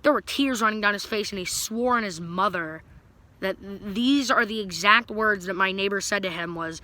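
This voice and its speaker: A man's voice: high-pitched, moderate pace, sharp tone. A young man telling a story to his viewers in a rambling, casual way, full of fillers and restarts. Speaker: vlogger.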